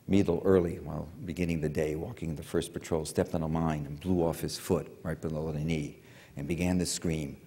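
A man's voice: a bass voice, creaky, dark tone. An older man giving a public lecture, telling a story in a rambling, digressive way with many fillers and restarts. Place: large lecture hall. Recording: reverberant hall.

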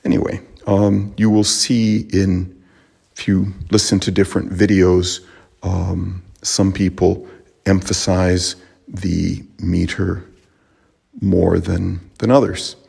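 A man giving an unhurried spoken lesson on poetry pronunciation and meter, pausing often to think. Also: sits low, level tone, gravelly, mellow, slightly rough. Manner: unhurried, thoughtful, many fillers and restarts. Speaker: Latin teacher.

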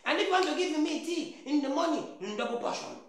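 A man's voice: very high voice, lively intonation, quick pace. An actor playing a teasing, scheming Nigerian man who laughs often and bargains playfully, in a Nigerian accent. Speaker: houseguest bargaining with the cook. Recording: echoey room.

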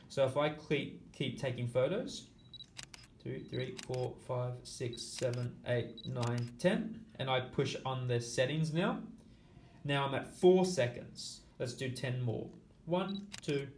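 A man's voice: medium pitch, darkish tone, reverberant. A man teaching an app tutorial, explaining each step in order and counting aloud as he goes. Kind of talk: screen-recorded tutorial walkthrough.

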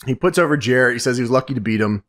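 A podcast co-host recapping wrestling in a casual, profane, joking way. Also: male voice, mid-range voice, expressive, racing, fairly bright tone. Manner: joking, profane, quoting others.

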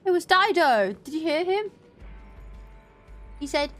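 A young woman in her twenties streaming gameplay, giggly and excitable, swearing freely as she comments. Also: extremely high pitch, measured pace, soft background music.

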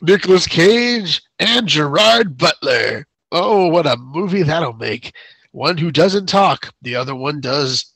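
A man's voice: fairly high pitch, bright, forceful tone, dry recording. A man co-hosting a show, chatting casually, rambling and laughing often. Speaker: podcast co-host. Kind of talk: casual chat.

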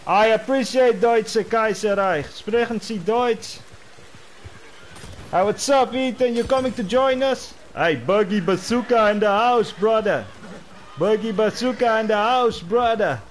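A man's voice: sits high, moderate pace, a little hiss or hum. A man livestreaming a game, chatting casually and greeting players as bro. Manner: friendly, greets players, calls them bro. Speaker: game streamer.

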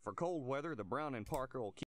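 An actor voicing a salesy shopkeeper in a hunting video game, reading product pitches in a flat delivery. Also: male voice, fast, very noisy, natural voice. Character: adult male hunting-gear shopkeeper, salesy. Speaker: in-game shop clerk. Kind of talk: scripted game dialogue.

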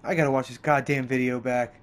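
In fast speech with fairly even intonation, the man narrates his gameplay as a let's play, swearing a lot out of frustration. When he snaps, his voice jumps higher.

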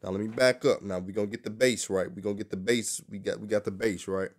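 A man's voice: lowish voice, steady tone, fast, no room sound. A young man giving a casual, joking hair tutorial, cursing freely and talking in loose street slang. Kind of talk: casual how-to demonstration.

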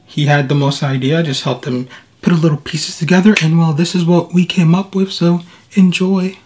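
A man's voice: a little high, fairly even intonation, brisk, a little mellow, slight background noise. A young man talking casually to his viewers in a playful, chatty vlog style. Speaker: vlogger. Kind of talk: casual vlog talk to camera.

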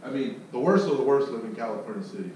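An animated, profane storyteller, this man coaches others with a sales story and imitates the people in it. He talks fast at medium pitch. The sound is echoey, with a distant mic and faint noise.

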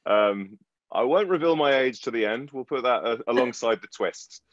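A man's voice: medium pitch, lively intonation, normal speed, no echo, muffled recording. A man from London with a London English accent, an actor answering panel questions in a rambling, self-deprecating, jokey way. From London, England. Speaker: actor and guest.

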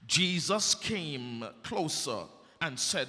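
A man preaching a sermon as an evangelist, in a dramatic, rhetorical style that swells to shouts. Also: a little high, big pitch swings, takes it slowly. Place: church sanctuary. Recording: echoey church hall.

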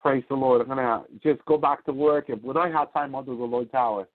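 A man's voice: mid-range voice, fairly even intonation, a little fast. Fervent preacher man on a tinny phone line. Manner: fervent, repetitive, rising to cries. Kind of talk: radio sermon.

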